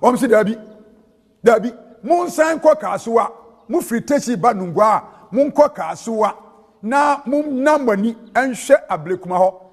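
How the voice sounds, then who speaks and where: A Ghanaian man preaching with a high, ringing voice. He falls into a sing-song cadence and mixes local-language phrases into his sermon. The long reverb of a big church hall hangs on every line. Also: animated, measured pace, breathy edge. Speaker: prophet and preacher.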